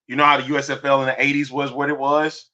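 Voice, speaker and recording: Very bright-voiced man riffing on football. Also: medium pitch, level tone, fast talker, highs cut off. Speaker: podcast co-host. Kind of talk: casual sports talk show. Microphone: studio microphone.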